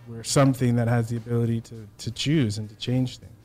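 Earnest, reflective former athlete. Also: male voice, mid-range voice, fairly even intonation, brisk, darkish tone, soft background music. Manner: reflective, earnest, searching for words. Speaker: podcast guest, former athlete. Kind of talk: reflective interview talk.

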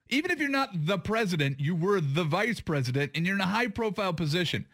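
A man's voice: high-pitched, fast, few pauses, no echo, clean studio sound. A man co-hosting a sports radio show in casual, joking banter, sometimes mocking politicians in put-on voices. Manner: jokey, animated, mocks politicians in put-on voices. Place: radio studio. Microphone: studio microphone.

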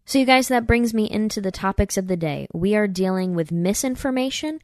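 A woman's voice: medium pitch, expressive, fairly quick, a little mellow, no echo, studio quality. A woman hosting a podcast, giving emphatic political commentary and addressing listeners directly as "you guys". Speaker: podcast host.

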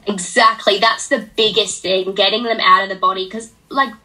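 A woman's voice: medium pitch, fairly even intonation, moderate pace, bright, forceful tone, poor audio. A woman, speaking as a guest on a casual podcast in an earnest, enthusiastic way, full of "like" and "you know". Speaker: parenting guest.

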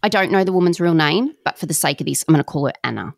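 A woman tells a story to her co-host in a low, gravelly voice. The sound is dry and close. She speaks in a lively, casual way, full of slang and the odd swear word. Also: racing, no echo. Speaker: podcast co-host.

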